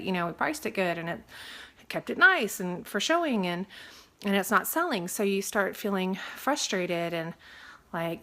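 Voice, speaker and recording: A woman's voice: medium pitch, animated, unhurried, bright, forceful tone. A woman from Texas who works as a real estate agent, talking casually to camera, chatty with lots of fillers and acting out her clients' voices. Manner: faith-minded, mentions praying.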